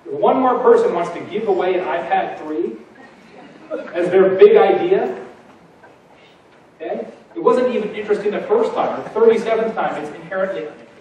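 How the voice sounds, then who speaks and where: Hombre enérgico en un salón con mucho eco. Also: male voice, high voice, fairly quick, pauses often, very echoey, recorded from a distance, muffled recording, a little hiss or hum. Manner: energetic, punchy, rhetorical questions. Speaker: keynote speaker. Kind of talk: conference keynote. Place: large conference hall.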